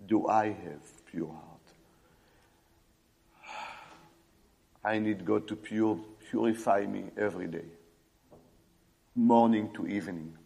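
A male preacher giving an emphatic sermon, swinging between loud exclamations and quiet asides. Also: lowish voice, vocal fry, slightly rough, long reverb tail.

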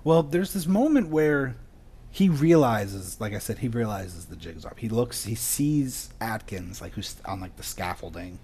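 Male co-host, husky mid-range voice, relaxed film chat. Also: lowish voice, measured pace. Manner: laid-back, laughs often. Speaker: podcast co-host. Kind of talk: casual film discussion.

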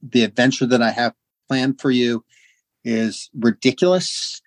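Relaxed, dry-sounding game master man. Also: mid-range voice, a little slow, dry recording. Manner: relaxed, hesitant with many fillers. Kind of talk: casual chat introducing a tabletop game. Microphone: video call.

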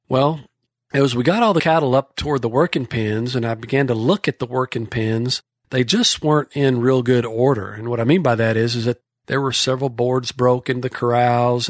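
A man's voice: mid-range voice, dry recording, clean studio sound. A man from Texas, a horsemanship clinician telling a folksy, rambling story with frequent restarts.

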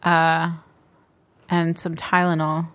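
A woman in her thirties on a podcast in a studio, telling stories casually with a wry, deadpan edge. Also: deep voice, takes it slowly, slight background noise. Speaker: podcast co-host. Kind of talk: casual storytelling chat.

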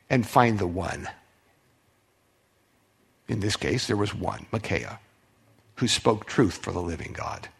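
A middle-aged male pastor preaching a sermon, telling a story with conversational restarts, swinging from loud outbursts to hushed asides. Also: on the low side, slow pace, creaky, pauses often, slightly rough. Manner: conversational, repeats words and restarts.

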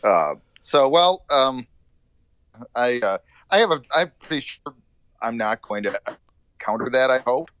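A man's voice: mid-range voice, very animated, unhurried, pauses often, no echo. A man co-hosting a podcast over a remote line, joking dryly in casual chat. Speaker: podcast co-host. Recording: muffled remote call line.

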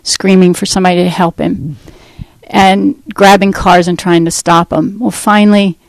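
A middle-aged woman telling her personal testimony in an earnest, conversational way, pausing and restarting as she goes. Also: on the low side, fairly even intonation, gravelly, no echo, poor audio. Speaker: speaker giving a testimony.

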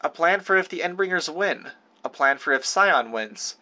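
A wry, knowing young woman speaks in quick, teasing lines, pitched up by a male audiobook narrator, always sure of herself. Her voice sits noticeably higher than the reader's own. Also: animated, sharp tone.

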